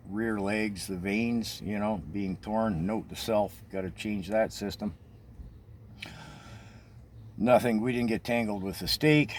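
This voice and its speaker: A man with a fairly low voice tells a personal story in a loose, meandering way, with wry asides along the way. He sounds casual and conversational, and a faint background hum sits under his voice. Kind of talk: rambling spoken anecdote.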